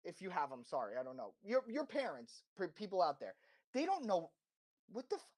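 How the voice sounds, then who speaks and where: A man's voice: high voice, wildly swooping pitch, fairly quick, darkish tone. Man giving impassioned, rambling advice. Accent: slight accent. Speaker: interview guest. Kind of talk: casual podcast interview.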